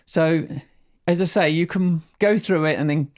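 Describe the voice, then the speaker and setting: A man explaining didgeridoo rhythms in an easygoing, unscripted way, his voice sitting a little high for a man. He sounds out practice syllables and trails off into restarts as he talks. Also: a little slow, a little mellow. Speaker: didgeridoo teacher. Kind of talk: casual instructional explanation.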